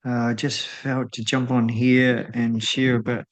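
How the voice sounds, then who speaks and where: Soft-spoken reflective man, flat delivery. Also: medium pitch. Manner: thoughtful, pauses often with drawn-out ums. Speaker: host. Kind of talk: reflective spiritual talk.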